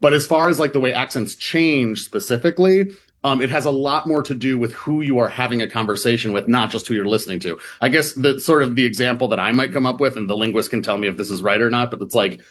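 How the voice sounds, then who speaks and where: Male reporter, mid-pitched voice, casual explainer, frequent ums and restarts, playful mimicry. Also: quick pace. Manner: rambling with many fillers and restarts. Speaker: reporter guest.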